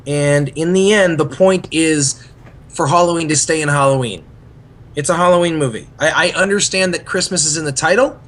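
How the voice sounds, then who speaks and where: Man, slightly high voice, dry wry banter, casual podcast chat. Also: fairly bright tone. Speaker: podcast co-host.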